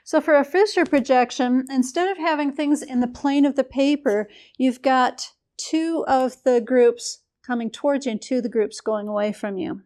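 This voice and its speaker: A woman's voice: sits high, a little mellow. A woman lecturing a chemistry class in a casual, explanatory way, with a few fillers as she goes.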